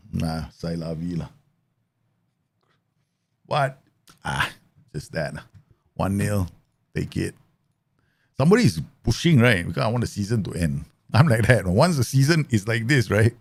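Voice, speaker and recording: A man talks through a live football manager game, his pitch swinging up and down as he chats and laughs with viewers. He is close to the mic, and the sound is dry with no room echo. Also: measured pace, gravelly, pauses often, husky. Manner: animated, laughs often, mimics voices in stories. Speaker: game streamer. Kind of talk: live football manager gameplay commentary with chat.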